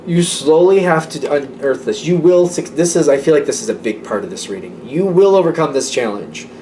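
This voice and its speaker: A man's voice: fairly high pitch, animated, fairly quick, warm tone, distant mic. A man gives a casual tarot reading, talking in a chatty, repetitive way and laughing lightly between thoughts. His voice sits a little away from the microphone, with a faint hum of room ambience behind it. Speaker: tarot reader.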